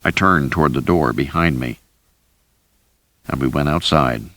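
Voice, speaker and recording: Deep-voiced man narrating a thriller. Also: measured pace, dry recording. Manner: deep, steady, lively delivery. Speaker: audiobook narrator. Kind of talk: scripted first-person narration.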